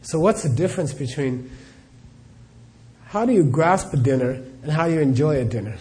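A man's voice: on the high side, expressive, normal speed, a little mellow. Chatty middle-aged male Buddhist teacher. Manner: chatty, laughing storyteller, many "you know"s. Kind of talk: live Q&A talk with anecdotes.

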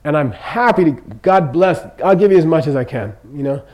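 An older man leads an informal Buddhist teaching, his voice sitting a little high for a man. He talks loosely and with humor, drifting into asides and repeatedly checking in with the room. The delivery is conversational rather than preached. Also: expressive, a little fast, a little mellow, muffled recording. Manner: chatty, joking, checks in with "okay?" constantly.

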